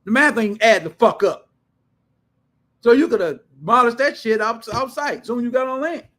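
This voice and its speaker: Man ranting on his show, high voice, blunt, profane, heavy slang. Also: fairly bright tone. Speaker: show host. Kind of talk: profane casual rant.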